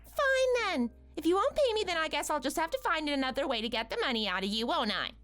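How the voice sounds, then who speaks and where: A woman voicing a scheming, rude young mother, speaking in a mocking, condescending and bossy way over soft music. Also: a little high, lively intonation, very fast. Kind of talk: animated story voice acting.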